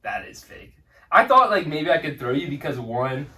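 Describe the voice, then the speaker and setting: A man's voice: on the high side, sing-song, moderate pace, sharp tone, recorded from a distance. Laughing young man, a bit off-mic. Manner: laughs often, reads lines with mock flair. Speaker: host reading lyrics in a quiz. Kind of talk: casual chat.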